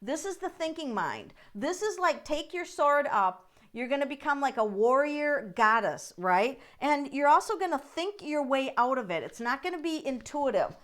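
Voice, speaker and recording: A woman's voice: high voice, sing-song, moderate pace, few pauses, fairly bright tone. Chatty woman hosting a tarot livestream. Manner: chatty and encouraging, addressing viewers by name. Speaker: tarot reader and livestream host. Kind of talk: live-stream tarot reading.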